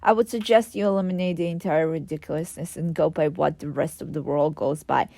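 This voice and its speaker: A woman's voice: deep voice, fairly even intonation, a little fast, creaky, warm tone, dry recording. A woman reading her own memoir aloud, with sarcastic, ranting asides to the reader. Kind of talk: audiobook narration.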